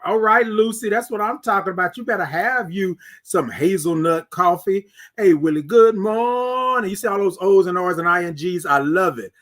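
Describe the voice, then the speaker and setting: A man with a Texan accent hosting a live morning stream, chatting with viewers and singing out long, drawn-out greetings. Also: high voice. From Texas. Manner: animated, sings out drawn-out greetings. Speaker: host.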